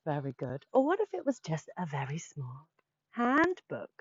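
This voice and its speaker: A woman's voice: sits low, huge pitch swings, normal speed, slightly rough, no echo, muffled recording. A woman teaching a children's yoga class, playful and sing-song as she leads poses and tells a little story.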